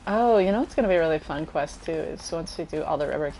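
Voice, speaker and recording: A young woman streamer chats loosely over her gameplay, full of fillers and self-deprecating asides. Her voice is low with a gravelly edge, and her pitch moves in lively swings. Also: fast, a little hiss or hum, rough recording. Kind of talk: casual gameplay chat.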